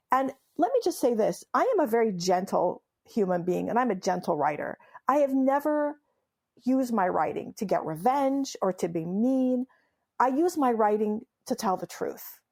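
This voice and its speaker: This Farsi-speaking woman from Iran, a memoirist and humorist, spins animated stories in an interview, laughing often and delivering lines playfully and emphatically. Her voice sits on the high side with lively intonation, a normal speed, creakiness, and a darkish tone.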